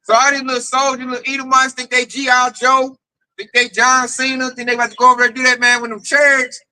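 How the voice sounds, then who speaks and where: High, bright-voiced man preaching. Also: monotone, fast, clean tone, no echo, rough recording. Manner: preachy, reads scripture aloud. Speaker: camp teacher. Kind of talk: religious group discussion.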